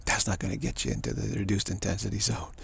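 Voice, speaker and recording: A man's voice: fairly even intonation, fast talker, vocal fry, breathy edge. A man giving a rambling spiritual talk, repeating himself and stammering on restarts. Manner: mocking high voices for quoted people. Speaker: spiritual teacher.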